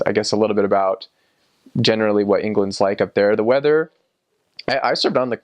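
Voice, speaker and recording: Easygoing young man, low voice, dry sound. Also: no echo. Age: young adult. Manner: relaxed and rambling, many ums and restarts, chuckles often. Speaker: returned missionary. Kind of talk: casual personal recollection.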